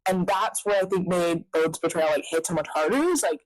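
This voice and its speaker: A woman hosting a podcast, chatting casually in a rambling, excitable way full of fillers. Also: fairly low pitch, fairly quick, no echo, low-quality recording. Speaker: podcast host. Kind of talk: casual chat.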